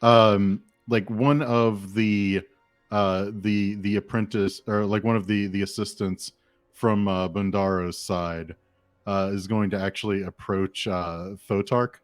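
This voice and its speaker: Low-voiced man running a tabletop game. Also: little pitch movement, slow, soft background music. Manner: hesitant, full of fillers. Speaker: game master.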